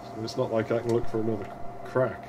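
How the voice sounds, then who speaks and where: A man's voice: lowish voice, flat delivery, fast, noisy background. Sweary man streaming a game. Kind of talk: casual gaming stream commentary.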